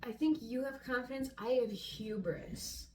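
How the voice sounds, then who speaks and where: A woman's voice: on the high side, measured pace, dark tone, far from the mic, slight background noise. A woman co-hosting a casual chat, wry and swearing offhandedly. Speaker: co-host. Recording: roomy sound from off-mic.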